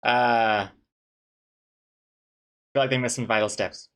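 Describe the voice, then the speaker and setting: A man's voice: medium pitch, fairly even intonation, slow, fairly bright tone, clean tone. A man, a webcomic artist, chatting casually on a live stream, reading chat aloud with dry, joking banter and rambling restarts.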